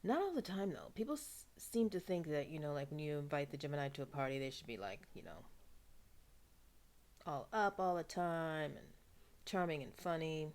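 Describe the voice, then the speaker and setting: A low-pitched woman from New York chatting to camera on her own channel. She talks in a loose, wry way, drifting into hushed asides between livelier remarks. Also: very animated, normal speed. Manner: chatty, wry, drifts into soft asides and playful put-on voices. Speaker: vlogger. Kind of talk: casual monologue to camera.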